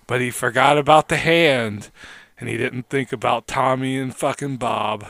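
Bright, laughing jokester co-host. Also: male voice, mid-range voice, animated, moderate pace, gravelly, no echo. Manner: jokey, laughs a lot, riffs with silly voices. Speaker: podcast co-host. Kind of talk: casual chat.

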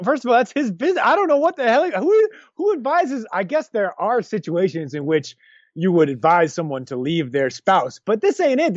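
A man co-hosting a podcast, talking in a lively, joking way with many restarts. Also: sits high, no echo, dull audio. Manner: animated, jokey, restarts often. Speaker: podcast co-host. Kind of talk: casual chat.

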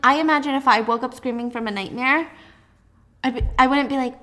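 A young woman hosting a casual book recap, chatty and animated, with lots of "like". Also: high voice, brisk. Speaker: host.

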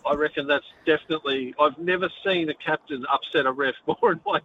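Kiwi guy calling in, bright forceful voice, laughs easy, dull phone line w faint noise. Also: on the high side, fairly quick. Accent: New Zealand. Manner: laughing easily, chatty. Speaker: caller. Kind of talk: talkback call.

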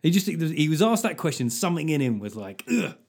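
A man's voice: a little high, big pitch swings, brisk, a little mellow. Sweary man ranting on a podcast. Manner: profane, sardonic, ranting. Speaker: podcast host. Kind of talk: comic rant and reading listener reviews.

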